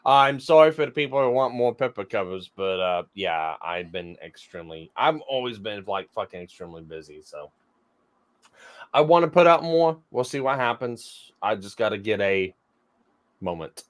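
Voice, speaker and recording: A man's voice: lowish voice, expressive, normal speed. A man hosting a livestream, swearing, laughing and reading chat aloud in mock voices. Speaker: host.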